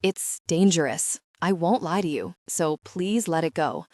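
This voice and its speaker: A woman's voice: on the low side, animated, measured pace, darkish tone, no room sound, clean studio sound. A woman reading the lines of a protective young male fiancé in a firm, grumbling way.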